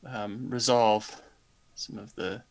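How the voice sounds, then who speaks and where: A man's voice: on the low side, steady tone, slow, gravelly. A man playing his character in a tabletop game, speaking hesitantly with stammers. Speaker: player. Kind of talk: in-character tabletop role-play.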